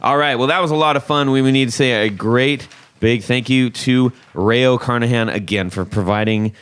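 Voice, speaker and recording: A man hosting a casual podcast chat, animated and quick to laugh, often trailing off mid-sentence. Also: medium pitch, clear, resonant tone. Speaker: podcast host.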